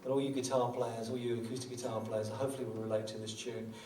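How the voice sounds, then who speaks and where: An older male guitarist chats between songs at a small live venue, rambling and poking fun at himself with joking asides. His mid-range voice is flat and quick. The recording is roomy and distant-miked, with guitar audible.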